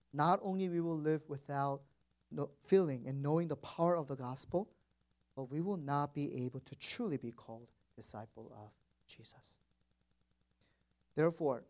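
A man's voice: fairly high pitch, darkish tone. A man preaching a sermon as pastor in a church, stressing words and repeating phrases for emphasis.

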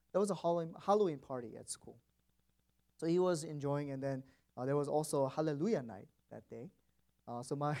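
A man's voice: a little high, a little mellow. A man preaching a sermon as pastor in a church, stressing words and repeating phrases for emphasis.

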